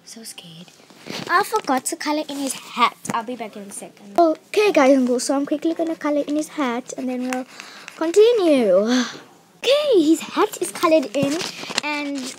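A woman's voice: sits high, lively intonation, normal speed, a little hiss or hum. A woman vlogger walking viewers through her drawings in casual, rambling storytelling with many fillers. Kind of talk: casual show-and-tell narration.

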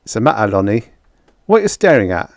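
A man voicing a burly male convict who growls his words in rough, slangy speech. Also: on the low side, big pitch swings, brisk, no room sound, studio quality. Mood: impatient. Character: gruff burly male convict, blunt and impatient.

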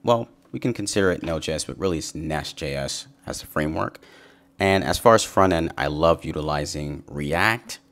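Deep, gravelly man walking through code. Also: moderate pace. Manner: relaxed, upbeat, says "sweet" and "awesome". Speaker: software developer giving a coding tutorial. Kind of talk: casual screen-share walkthrough.

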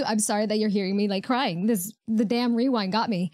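A young woman streamer, emotional and chatty, reacting to a video while teary and hoarse. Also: mid-range voice, brisk, hardly any pauses, a little mellow, soft background music. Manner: emotional, chatty, talking to chat with frequent fillers. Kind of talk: casual live-stream reaction chat.

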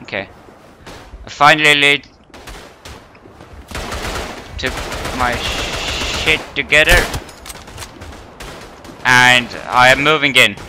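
A man's voice: mid-range voice, fairly even intonation, slow pace, pauses often, noisy background. A man commenting on his own game play, panicky, profane and self-mocking. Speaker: gamer. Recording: game gunfire and explosions behind voice.

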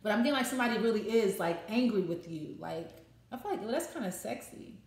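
A woman's voice: medium pitch, animated, fast talker, reverberant. A woman giving a casual tarot reading, talking freely, swearing and restarting her phrases. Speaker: tarot reader.

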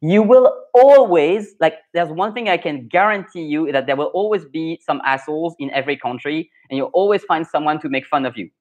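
A man's voice: on the high side, brisk, few pauses. A man with a French accent, a pronunciation coach hosting a casual live stream, answering viewer comments in a frank, opinionated way. English is not his first language. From France.

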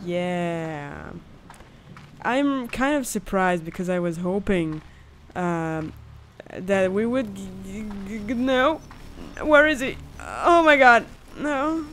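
A young woman commentating a horror game, swinging between shrieking panic and calm muttering and swearing a lot. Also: medium pitch, slow pace, a little hiss or hum. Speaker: gamer.

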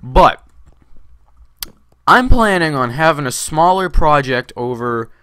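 A man's voice: fairly high pitch, lively intonation, slow pace, a bit bright, smooth, no echo, studio quality. A man hosting a Minecraft video, giving casual gameplay commentary in a rambling way, full of fillers and restarts.

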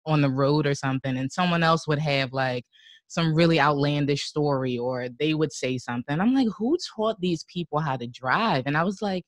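A woman's voice: low-pitched, dry recording, studio quality. A woman guest talking casually about driving, full of "like" and "you know" and frequent laughter. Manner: chatty, heavy use of "like" and "you know", laughs often. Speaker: podcast guest, driving show host. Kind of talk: casual conversational interview.

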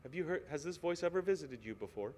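Earnest male pastor preaching, slightly high voice. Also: expressive, quick pace, darkish tone. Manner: earnest, pleading, full of questions. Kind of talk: sermon. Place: church sanctuary.

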